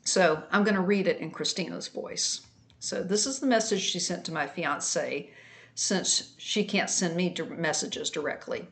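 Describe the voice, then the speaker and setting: A woman narrating a storytime vlog about a family dispute, in a calm, subdued, matter-of-fact way. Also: lowish voice, moderate pace. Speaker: vlogger, night shift nurse.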